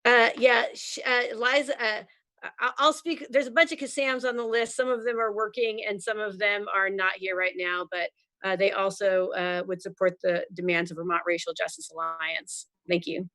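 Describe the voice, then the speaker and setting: A woman making a short, halting public comment at a council meeting over a remote line. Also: mid-range voice, fairly even intonation, bright, forceful tone, no echo, poor audio. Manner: brief, plain, many "um"s. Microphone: remote call-in.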